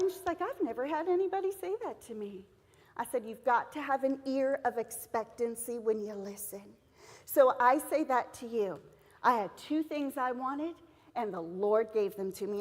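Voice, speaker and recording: A middle-aged woman with a high voice speaks earnestly to a room of teachers, mixing personal story with encouragement. Her words ring out with a long reverb from the church hall she is speaking in. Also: a little mellow. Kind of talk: devotional talk to teachers.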